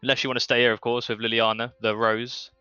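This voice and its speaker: Bright-voiced, excitable player. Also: male voice, mid-range voice, quick pace, clean tone, no room sound, highs cut off, faint music behind. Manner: laughing, swearing, excitable. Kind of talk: playing a tabletop game.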